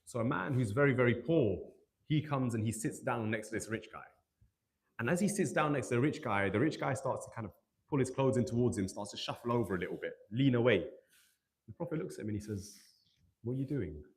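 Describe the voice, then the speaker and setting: A man's voice: mid-range voice, fast. A man gives a religious talk to young people in a hall, telling stories, acting out quoted dialogue and asking rhetorical questions. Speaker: youth majlis speaker.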